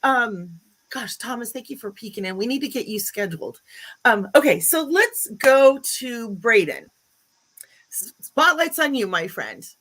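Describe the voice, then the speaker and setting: A woman's voice: on the high side, very animated, measured pace, a bit bright. A woman hosting a casual livestream chat, greeting viewers and chatting in a bubbly way. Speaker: YouTube channel host.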